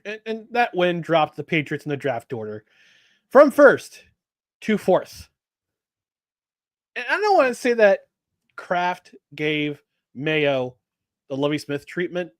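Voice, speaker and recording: A man co-hosting a casual sports podcast, animated and sarcastic, reading statements aloud with a mocking edge. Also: high voice, no room sound, studio quality. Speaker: podcast co-host.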